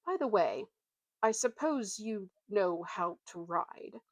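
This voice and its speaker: A woman's voice: medium pitch, animated, slow, no room sound. A woman voicing a proud male talking warhorse, haughty and lofty, drawing out her words.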